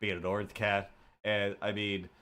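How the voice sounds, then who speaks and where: A man's voice: lowish voice, little pitch movement, normal speed, sharp tone, smooth. A man chatting casually on a livestream from a room at home, rambling and self-mocking as he works out a character voice. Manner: rambling, self-mocking, full of fillers and restarts. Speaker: animator and streamer.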